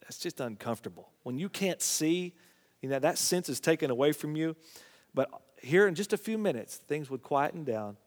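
Folksy man preaching in a reverberant hall. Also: mid-range voice. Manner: folksy storytelling, drops to a hushed voice. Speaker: Bible teacher. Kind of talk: preaching Bible study.

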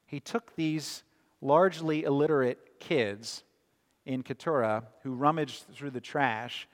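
Earnest male pastor preaching in a hall. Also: medium pitch. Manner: earnest, emphatic preaching that drops soft on key phrases. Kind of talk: sermon. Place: church sanctuary.

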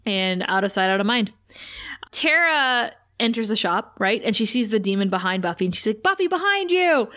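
A woman co-hosting a casual podcast, briskly retelling a TV episode scene by scene, quoting the characters and laughing often. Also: medium pitch, sharp tone. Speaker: podcast co-host recapping a TV episode. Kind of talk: casual chat, animated episode recap.

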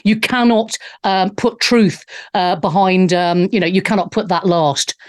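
A woman's voice: mid-range voice, steady tone, a little slow. A woman from England hosting a live talk show, brash, jokey and outspoken in her monologue.

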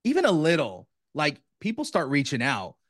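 A man's voice: a little high, huge pitch swings, normal speed, no room sound, clean studio sound. A man talking as a podcast guest in casual, friendly chat, often calling the host "bro.".

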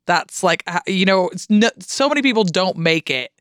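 A woman's voice: on the low side, normal speed, no echo, studio quality. Sweary, ranting woman podcast guest. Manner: swears freely, rants with lively indignation. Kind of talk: casual chat.

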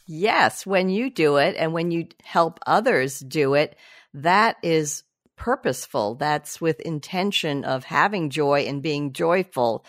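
A woman's voice: sits low, lively intonation, slow pace, no room sound, clean studio sound. A woman hosting an interview, earnest and reflective as she asks her questions. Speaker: interview host. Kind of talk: conversational interview.

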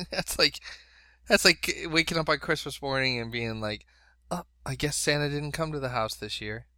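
Middle-aged man, bright forceful voice, animated storytelling, dry sound. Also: a little high, normal speed, clean tone, no room sound. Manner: animated storyteller, laughing asides. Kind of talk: casual chat.

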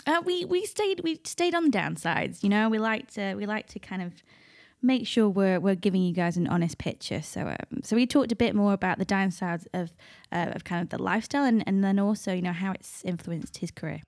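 A woman in her thirties co-hosting a podcast, chatting in a relaxed, reflective way. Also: mid-range voice, brisk, no room sound, clean studio sound. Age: 30s. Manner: reflective and relaxed, with a lot of fillers. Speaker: podcast co-host. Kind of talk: casual chat.

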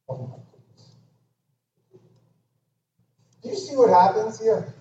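A man preaching a sermon with great emphasis, swinging from loud exclamations to hushed near-whispers. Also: sits high, very animated, a little slow, long pauses. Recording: echoey hall, distant dull mic with noise.

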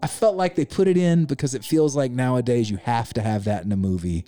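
A man's voice: medium pitch, brisk, warm tone. A man chatting casually about a movie, rambling with lots of filler words.

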